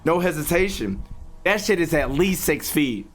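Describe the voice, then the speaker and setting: A young male streamer reacting live, chatting to his audience in a loose, profane, excitable way. His voice sits a little high and jumps all over the place, from hushed, nervous muttering to sudden shrieks. A faint hiss lingers behind him. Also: normal speed. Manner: excitable, profane, talks to chat, yelps when startled.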